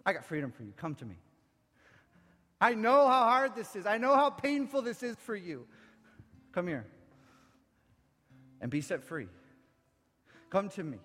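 A preacher voicing a compassionate savior who gently calls people to come and rest. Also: male voice, sits high, big pitch swings, unhurried, long pauses, voice pushed up, full character voice. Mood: tender. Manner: pleading, reassuring. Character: tender inviting male savior voice, compassionate. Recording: echoey hall with faint music.

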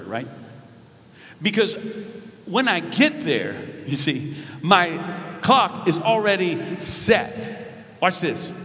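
A man's voice: a little high, sharp tone. A man preaching a sermon as pastor, earnest and emphatic, often restarting his words. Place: church sanctuary. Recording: preached in a large hall with long reverb.

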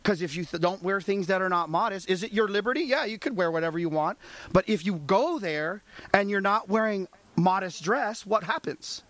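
A man's voice: high-pitched, moderate pace, fairly bright tone, no echo. A male pastor preaching a sermon, asking the congregation rhetorical questions and acting out little dialogues.

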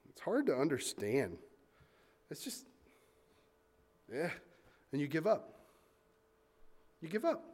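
High-voiced man preaching with big swings. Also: slow pace, long pauses. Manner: animated, swings from loud emphasis to quiet asides; acts out listeners' complaints in mock voices. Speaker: pastor. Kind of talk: sermon.

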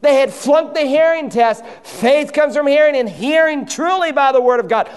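A man's voice: very high-pitched, normal speed, hardly any pauses, big-room sound. A man preaching a sermon from a church pulpit, driving his points home and acting out the voices in the stories he tells. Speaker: pastor. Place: church sanctuary.

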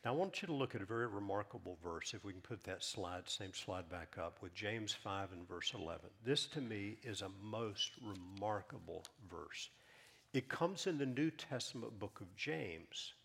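A man preaching a sermon as pastor, emphatic, rising loud then dropping to a hush. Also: fairly low pitch, expressive, moderate pace, gravelly, slightly rough. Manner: emphatic, swings from loud to hushed.

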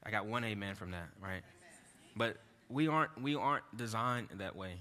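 Earnest male pastor with a bright voice. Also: lowish voice, animated. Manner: earnest, halting, with repeated restarts and asides to the congregation. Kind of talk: sermon. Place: church hall. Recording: echoey hall.

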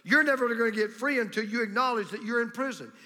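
A pastor preaching a sermon, emphatic and repetitive, with a storyteller's delivery. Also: male voice, extremely high pitch, fast talker, bright, forceful tone. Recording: long reverb of a large hall.

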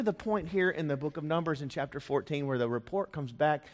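A man's voice: on the high side, fairly even intonation, quick pace, hardly any pauses. A man preaching a sermon as a pastor, telling the story dramatically and acting out the voices of the people in it. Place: church sanctuary. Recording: long reverb of a church hall.

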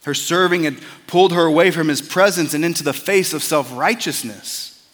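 A man's voice: on the high side, moderate pace, a bit bright, big-room sound. A man preaching a sermon as a pastor, earnest and conversational, often repeating words as he starts a phrase.

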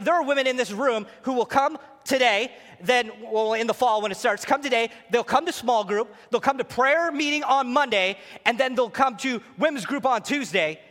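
A man in his thirties preaching a sermon as pastor, telling lively stories and dropping to a soft, tender voice when acting out prayers. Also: sits high. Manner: animated storytelling, drops to soft intimate tone for quoted prayers. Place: church hall. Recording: long reverb of a large hall.

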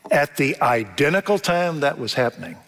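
A man's voice: fairly high pitch, expressive, normal speed, a bit bright. An older man preaching a sermon in a church, telling stories in a folksy way and acting out what people said. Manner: folksy storytelling, acts out quotes. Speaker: pastor. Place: church sanctuary. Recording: long reverb of a church hall.

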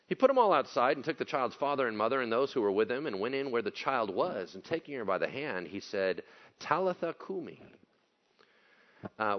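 A male pastor preaching a conversational sermon, animated and joking. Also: lowish voice, dull audio. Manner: animated, joking, acts out quotes.

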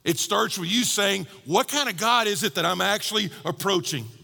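A man preaching a sermon, telling a story with lively quoted voices and shifting from bold to hushed. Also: high-pitched, moderate pace, vocal fry, in a large hall. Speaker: pastor.

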